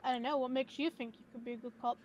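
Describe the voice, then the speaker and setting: A woman with a Yorkshire accent answers in dry, guarded snippets during in-character role-play chat. Her voice is fairly high, with faint noise in the background. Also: fairly even intonation, very fast, a little mellow, dull audio. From Yorkshire, England.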